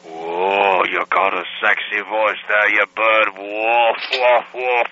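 A man's voice: fairly low pitch, little pitch movement, slow pace, a little hiss or hum. A man putting on a crude, boastful persona while leaving a prank voicemail message, woofing between lines. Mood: leering. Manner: crude, barking repeated woofs. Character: leering, boastful man caller. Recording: dull lo-fi recording.

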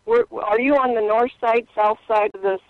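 A woman's voice: on the high side, moderate pace, no echo. An older woman on a phone call, patient and reassuring, often repeating her words. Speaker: prank call target. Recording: phone line.

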